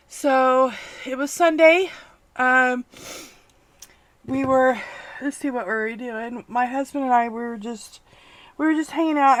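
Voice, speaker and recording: A middle-aged woman, hosting a crafting vlog, talking tearfully with many pauses and fillers. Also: high voice, fairly bright tone, dry recording. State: near tears. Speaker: crafting channel host. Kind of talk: emotional personal vlog.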